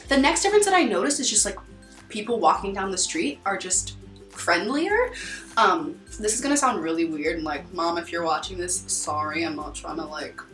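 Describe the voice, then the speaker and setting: A woman's voice: fairly low pitch, lively intonation, moderate pace, a bit bright, faint music behind. Young american girl rambling to camera, lots of likes, echoey room, sounds a bit far off. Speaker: vlogger. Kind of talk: casual chat to camera. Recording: echoey room heard from a distance.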